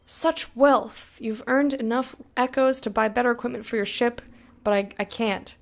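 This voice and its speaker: A woman's voice: a little high, steady tone, normal speed, creaky. Chatty young woman streaming a game. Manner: chatty, laughs often, reads game text aloud. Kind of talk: casual let's-play chat with viewers.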